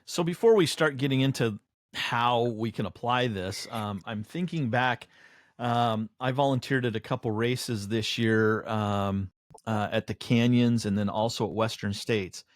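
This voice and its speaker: A man's voice: mid-range voice, unhurried, no echo, clean studio sound. A man co-hosting a podcast in casual chat, thinking aloud with frequent fillers and restarts. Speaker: podcast co-host.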